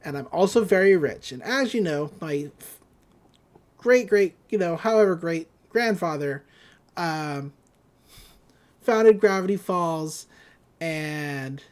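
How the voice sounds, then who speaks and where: A snobby, rich cartoon teenage girl, bragging about her family, as a podcaster puts her on in passing. The delivery stays offhand and mocking, close to the speaker's own everyday voice, at a middling pitch.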